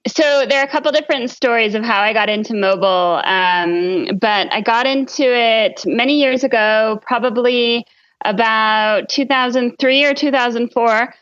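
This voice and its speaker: A woman guest on a podcast, telling stories in a relaxed way with frequent ums. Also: fairly high pitch, moderate pace, clean tone, dull audio. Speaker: guest expert. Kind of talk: podcast interview.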